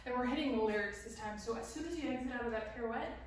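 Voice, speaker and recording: A woman's voice: on the high side, quick pace, slight background noise. A young woman teaching a beginner dance routine, talking while she demonstrates the moves and sometimes out of breath. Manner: talks while demonstrating moves, counting and singing lyric snippets. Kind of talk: casual dance tutorial instruction. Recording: very echoey room, speaker far from mic.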